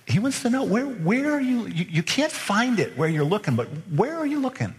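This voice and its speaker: A man's voice: sits high, big pitch swings, moderate pace. A man preaching a sermon as pastor, earnestly pressing his listeners with repeated questions. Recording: long reverb of a large hall.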